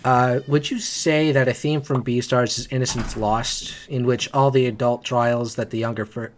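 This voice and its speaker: A man's voice: medium pitch, steady tone, normal speed, slight background noise. A man on a live-stream panel asking a long question hesitantly, correcting himself as he goes. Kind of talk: casual live-stream interview.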